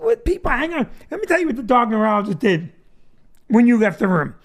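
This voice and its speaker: A man's voice: extremely high pitch, big pitch swings, a little fast. A man telling a comic story as host of a live show, laughing through his own jokes. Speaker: comedian host. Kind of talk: comedic storytelling.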